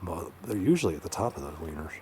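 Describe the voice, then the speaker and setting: Excited man walking through a forest. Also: sits low, fast, a little hiss or hum. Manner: excited, points things out to viewers. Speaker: vlogger exploring a forest. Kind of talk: casual walk-and-talk. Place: forest outdoors, hiking uphill.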